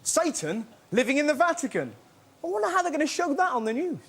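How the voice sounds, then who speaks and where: A man hosting a topical comedy show, cheeky and excitable, shouting out his punchlines. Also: very high-pitched, fast talker, a little hiss or hum. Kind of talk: stand-up topical comedy monologue.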